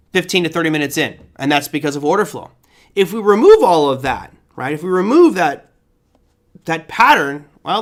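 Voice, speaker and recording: A man's voice: high-pitched, a bit bright. A man hosting a live trading stream, talking casually about the markets and answering viewer questions, often checking in with "right?". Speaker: trading show host.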